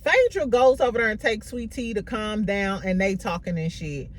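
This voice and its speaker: A woman's voice: mid-range voice, moderate pace, a little hiss or hum. A woman recapping a reality show in a casual, gossipy way, swearing freely and laughing as she tells it. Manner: gossipy, profane, animated storytelling with laughs.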